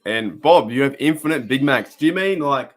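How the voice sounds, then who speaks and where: A man's voice: medium pitch, lively intonation, normal speed. Chatty Australian man reacting live. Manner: chatty, rambling, reads out chat comments. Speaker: live stream host. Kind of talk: casual live reaction chat.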